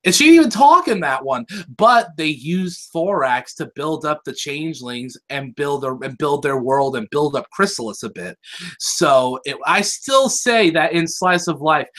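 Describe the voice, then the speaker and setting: Excitable young man from California, fairly high voice. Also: a little slow. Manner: animated, swearing, jumps between jokes and impressions. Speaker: podcast co-host. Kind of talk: excited fan chat.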